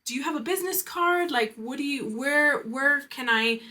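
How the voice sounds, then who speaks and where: A woman quoting a kind older woman who gently encourages her, in a soft, earnest way. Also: high voice, moderate pace, voice pushed up.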